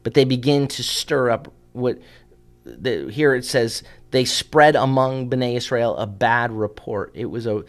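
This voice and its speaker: A man teaching scripture as a rabbi, explaining in a conversational way with fillers and restarts. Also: lowish voice. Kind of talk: Bible teaching.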